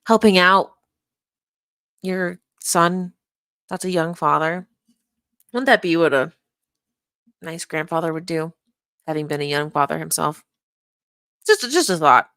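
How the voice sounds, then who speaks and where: A woman's voice: low-pitched, fairly even intonation, a little slow, long pauses, a bit bright, smooth, dry recording, studio quality. A woman streamer giving sarcastic, pointed reaction commentary on a livestream.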